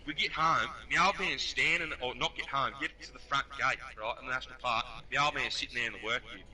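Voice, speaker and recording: Brief: young Aussie man, bright edgy tone, spins a rough-mouthed yarn. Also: medium pitch, fast talker, low-quality recording. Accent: Australian. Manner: swearing, animated yarn-spinning. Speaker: podcast guest. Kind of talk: casual storytelling.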